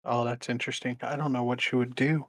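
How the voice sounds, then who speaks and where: A man's voice: mid-range voice, level tone, quick pace, dry recording. A man playing in a tabletop game, talking in a hesitant, questioning way. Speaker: player. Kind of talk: casual tabletop play.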